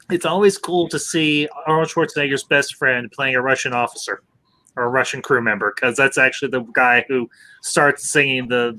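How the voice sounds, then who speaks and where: Forceful and bright in a mid-range voice, this host of a laid-back film review talk keeps stressing his points with "I'll say this" and often starts his words over.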